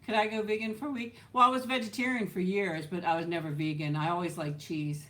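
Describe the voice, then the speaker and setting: Chatty woman streaming live, lower voice. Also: steady tone, quick pace, fairly bright tone. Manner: chatty, laughs often, trails off with "so". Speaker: livestream host. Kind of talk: casual live chat reading viewer comments.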